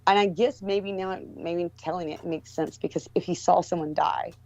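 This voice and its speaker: A woman's voice: fairly low pitch, fairly even intonation, normal speed, a little mellow. A woman guest telling a story in casual talk, rambling with many restarts and fillers. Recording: dull lo-fi recording.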